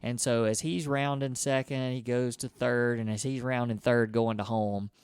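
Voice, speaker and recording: Smooth-voiced man telling a story. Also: mid-range voice, normal speed, no room sound. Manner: lively storyteller, acts out his own thoughts. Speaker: podcast co-host. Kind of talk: storytelling in casual conversation.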